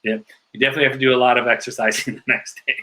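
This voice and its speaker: A man telling stories as a podcast guest, animated and chatty and full of filler likes. His voice is bright and forceful, at a middle pitch. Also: rapid-fire, poor audio. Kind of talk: casual podcast interview storytelling.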